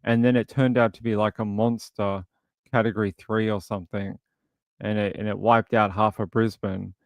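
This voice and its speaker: A man's voice: on the low side, flat delivery, normal speed, gravelly, no room sound. Chatty man hosting a livestream. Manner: chatty, thinks aloud while scrolling. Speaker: livestream host. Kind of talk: casual livestream chat.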